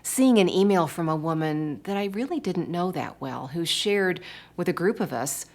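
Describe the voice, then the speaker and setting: A woman's voice: on the low side, animated, normal speed. An older woman giving a devotional talk, telling personal stories in a reflective way. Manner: personal storytelling, warm and reflective. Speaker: speaker.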